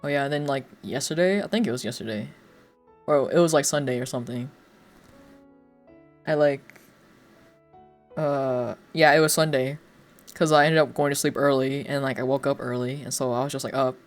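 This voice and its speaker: A young man chats on his stream, winding through a story with constant fillers and quick laughs. His pitch sits at an everyday middle height. A little music plays quietly underneath. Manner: rambling, filler-heavy, laughs often. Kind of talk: casual storytelling chat. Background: faint music.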